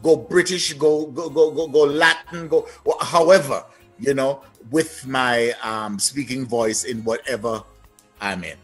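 A man from Jamaica with a Jamaican accent, a guest telling lively stories in a casual interview. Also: mid-range voice, unhurried, slightly rough, soft background music. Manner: lively, anecdotal, trailing-off phrases.

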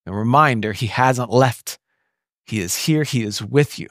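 A man preaching a sermon in an animated, conversational way, often asking the listeners questions. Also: mid-range voice, a little slow, no echo, clean studio sound. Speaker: pastor. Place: church.

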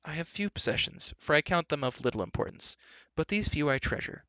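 A man reading aloud and voicing a gentle young male prince and healer who speaks in a calm, solemn way. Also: a little high, brisk, clear, resonant tone, no room sound, dull audio, voice pushed up. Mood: grave.

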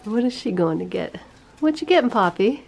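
A mother filming a family vlog at home, talking to her little ones in gentle baby talk. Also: medium pitch, very animated, moderate pace, vocal fry, slight background noise, low-quality recording.

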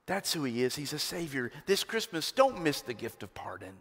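A male pastor preaches with passion, his fairly high voice climbing to ringing emphasis and then falling to near-whispers. His words carry a long reverb off the walls of a large church sanctuary. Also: big pitch swings, moderate pace, hardly any pauses. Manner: impassioned preaching, swinging between loud emphatic peaks and hushed lows. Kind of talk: sermon.

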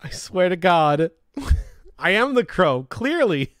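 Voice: medium pitch, big pitch swings, slow, clear, resonant tone, no room sound. Casual live-streamer: exasperated and foul-mouthed, laughs a lot, dry close recording. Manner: exasperated grumbling with frequent laughter; cursing. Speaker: livestreamer.

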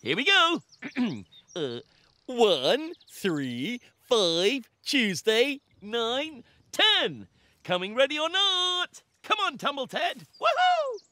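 A man's voice: very high voice, very animated, very slow, sharp tone, dry recording, full character voice. A man playing a cheerful, silly clown on children's TV, giggling and squealing with delight. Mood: playful. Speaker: children's TV presenter. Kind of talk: children's TV acting.

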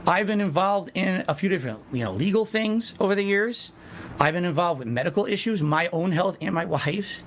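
A man's voice: sits high, lively intonation, fairly quick, background noise. A man answering in an interview, hesitant and emotional, often checking that he is understood. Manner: hesitant, keeps seeking agreement. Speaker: interview guest.

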